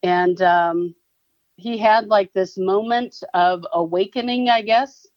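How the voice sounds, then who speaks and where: Woman interview guest, halting and earnest, muffled close-up sound. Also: mid-range voice, no echo. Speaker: guest, advocacy founder. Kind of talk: personal testimony in interview.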